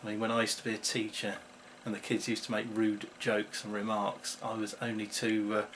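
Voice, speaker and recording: A man's voice: fairly low pitch, monotone, fairly quick, fairly bright tone, slight background noise. Rambling middle-aged man vlogging. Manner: rambling, self-mocking, with many restarts. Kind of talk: casual chat to camera. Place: at home.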